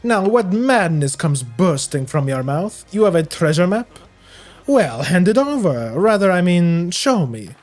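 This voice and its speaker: A man's voice: sits high, sing-song, a little slow, a little mellow, faint music behind. A man voicing a vain, flamboyant male merchant with a put-on Spanish accent, reading a game's dialogue aloud. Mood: grandiose. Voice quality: flamboyant, grandiose, dramatic.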